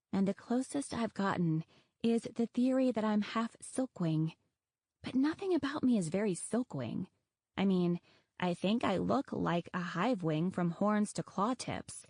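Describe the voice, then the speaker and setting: A woman's voice: medium pitch, darkish tone, no echo, clean studio sound. A woman voicing an earnest young female dragon who speaks in a pleading, reassuring way, in a storybook reading.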